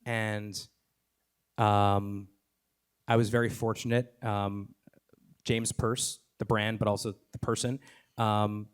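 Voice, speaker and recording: A man talking onstage as a podcast host, enthusiastic and rapid, with many fillers, restarts and the odd swear word. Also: lowish voice, little pitch movement, clean tone. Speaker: podcast host and guest speaker. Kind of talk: live onstage conversation.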